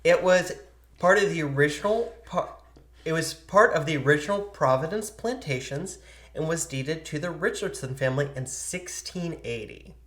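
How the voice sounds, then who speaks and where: A woman's voice: low-pitched, animated, normal speed, roomy sound. A woman co-hosting a podcast, retelling a story in casual chat and acting out the voices of the people in it. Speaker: podcast co-host. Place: indoor podcast setup.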